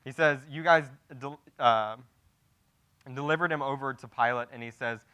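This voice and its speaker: A man's voice: mid-range voice, moderate pace, bright, forceful tone, clean tone. A young man preaching a sermon, teaching through a Bible passage in a casual, conversational way that builds to emphatic declarations.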